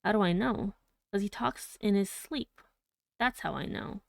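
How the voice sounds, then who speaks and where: A woman reading the lines of a worried old male servant who speaks in a halting, rambling way. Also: medium pitch, expressive, creaky, dry recording. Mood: insistent. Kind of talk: audiobook reading.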